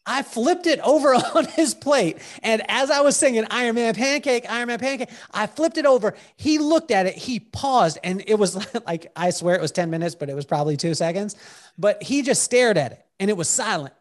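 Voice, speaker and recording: A man telling animated stories as a podcast guest, acting out what people said and breaking into song, with halting restarts when he explains a point. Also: high voice. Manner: lively storyteller who acts out quotes and sings bits. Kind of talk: animated storytelling in conversation.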